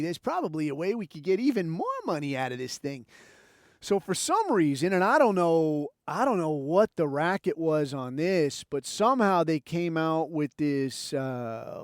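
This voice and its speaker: A man's voice: fairly high pitch, dry recording, studio quality. Profane, rambling podcast ranter, man. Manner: rambling, heavy swearing, sarcastic. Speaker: podcast host. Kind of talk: profane comedic rant.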